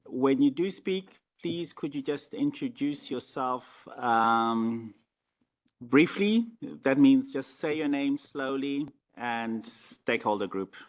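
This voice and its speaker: Slow-speaking man announcing meeting rules. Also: medium pitch. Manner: measured, instructive, with fillers.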